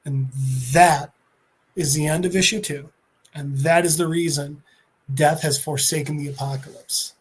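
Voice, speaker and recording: A man's voice: fairly high pitch, normal speed, husky. A man co-hosting a podcast and eagerly retelling a comic book's story in casual chat. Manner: animated, enthusiastic storyteller. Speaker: podcast co-host.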